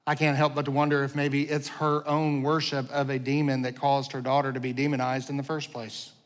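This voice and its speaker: A man preaching a sermon as pastor, animated, moving between loud pleading and quiet asides, with self-deprecating humor. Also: medium pitch, fairly quick. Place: church sanctuary. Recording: long church reverb.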